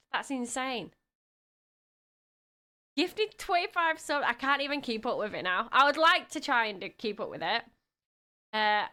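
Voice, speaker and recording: High bright woman, put-on Scottish accent. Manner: excitable, swears freely, laughs often. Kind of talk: casual live-stream chat.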